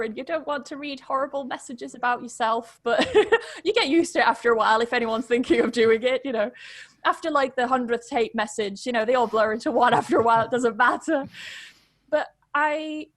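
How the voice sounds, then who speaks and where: A young woman, a podcast guest telling her story in a chatty, quick way and laughing often. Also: sits high, fairly bright tone, no room sound, studio quality. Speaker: podcast guest, English pronunciation teacher. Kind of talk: casual storytelling interview.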